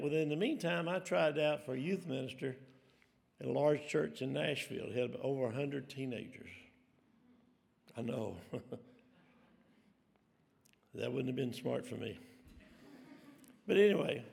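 Here the preacher, a middle-aged man, sounds fairly high-pitched, gravelly and a little mellow, moving at normal speed with long pauses. His sermon is built on rambling stories at his own expense, and the sound carries a long hall reverb.

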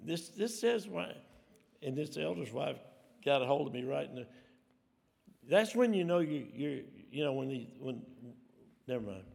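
A man's voice: on the high side, lively intonation, normal speed, creaky, pauses often, darkish tone. A middle-aged man, telling rambling, self-deprecating stories from the pulpit. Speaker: preacher. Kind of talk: storytelling sermon. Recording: long hall reverb.

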